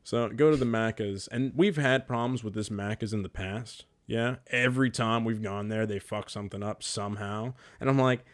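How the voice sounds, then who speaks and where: A man's voice: on the low side, moderate pace, hardly any pauses, no room sound. Guy telling a story. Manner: animated storyteller, swears freely, acts out quoted people. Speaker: podcast co-host. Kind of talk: casual chat.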